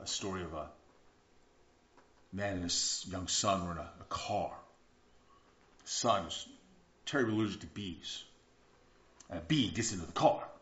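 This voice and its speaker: A man preaching a sermon, earnest, moving between hushed passages and emphatic bursts and repeating words for emphasis. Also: deep voice. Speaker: pastor. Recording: echoey room, dull lo-fi sound.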